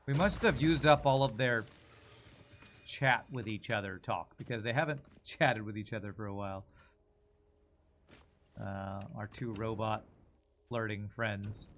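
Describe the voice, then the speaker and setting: A man's voice: lowish voice, fairly bright tone, a little hiss or hum. Rambling male game streamer thinking aloud. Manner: rambling, talks to himself while working things out. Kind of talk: casual gameplay commentary.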